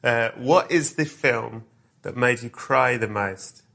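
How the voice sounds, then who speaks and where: A man's voice: mid-range voice, slow pace, gravelly, sharp tone. A man hosting a podcast, asking questions and putting in short encouraging remarks. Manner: brief, encouraging interjections. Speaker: podcast host. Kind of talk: casual interview questions.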